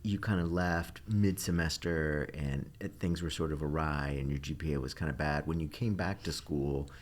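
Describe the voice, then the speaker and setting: A man interviewing an artist, asking slow, tentative questions full of hedges. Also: rumbling low, fairly even intonation. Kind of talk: casual interview.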